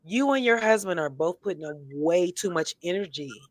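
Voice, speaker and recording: A woman's voice: on the low side, expressive, moderate pace, no room sound. A woman co-hosting a casual gossip show, talking bluntly and sassily, with emphatic repeats and a tipsy edge. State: tipsy, has been drinking. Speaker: co-host.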